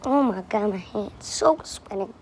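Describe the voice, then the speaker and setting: A woman narrating a playful toy role-play, excitable and exclaiming. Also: medium pitch, a little hiss or hum. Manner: excitable, exclaiming, drawn-out words. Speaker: video maker playing with toys.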